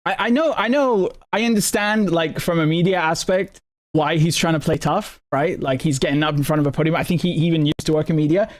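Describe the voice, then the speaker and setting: A man hosting a live news commentary, talking indignantly with many stammered restarts and rhetorical questions. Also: on the high side. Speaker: political commentator and host.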